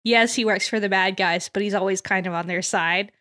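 A woman hosting a podcast in casual chat, recapping scenes with lively energy, laughing often and acting out characters' lines. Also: mid-range voice, a little fast. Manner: animated, laughs often, acts out quotes. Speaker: podcast host.

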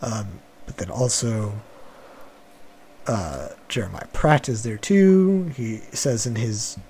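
A man's voice: fairly low pitch, animated, slow, mellow, a little hiss or hum. A man hosting a podcast, casually retelling a cartoon episode in a loose, chuckling, wandering way. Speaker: podcast host.

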